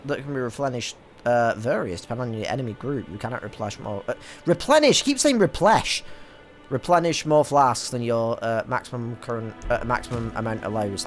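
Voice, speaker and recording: A young British man giving casual, excitable commentary while playing a game, swearing often and stumbling over his words. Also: mid-range voice. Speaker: gaming streamer. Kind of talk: casual let's-play commentary.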